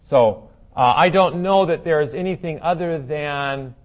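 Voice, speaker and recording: A man's voice: fairly high pitch, a little slow, highs cut off. A man leading a Bible study, explaining scripture in a conversational way, thinking aloud with fillers and restarts. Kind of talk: verse-by-verse Bible study teaching.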